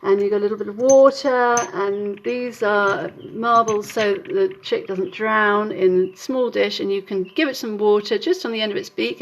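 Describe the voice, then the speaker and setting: A woman giving a casual home tutorial, explaining gently with many hesitant ums. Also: mid-range voice, fairly even intonation, normal speed. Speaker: home demonstrator.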